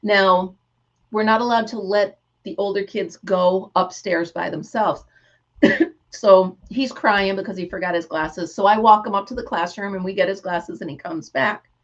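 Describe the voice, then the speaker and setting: With a medium-pitched voice at an ordinary pace, a middle-aged woman hosts a casual craft stream. She narrates stories with animation and welcomes viewers by reading their names aloud, though the audio lacks its upper frequencies.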